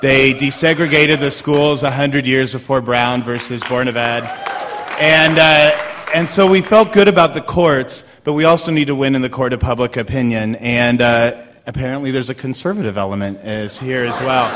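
A man's voice: mid-range voice, normal speed, a bit bright, in a large hall. A man telling a personal story on a theater stage, conversational and loose, with fillers and restarts. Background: audience.

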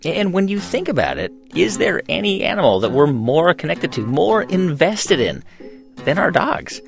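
Radio host guy, gravelly and lively, a bit high, faint music under. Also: normal speed. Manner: conversational, curious. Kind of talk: radio show hosting.

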